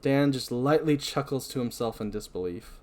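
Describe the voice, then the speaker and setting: A man hosting a podcast, recapping a movie scene by scene with animated storytelling and self-deprecating asides. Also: medium pitch, normal speed. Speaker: podcast host.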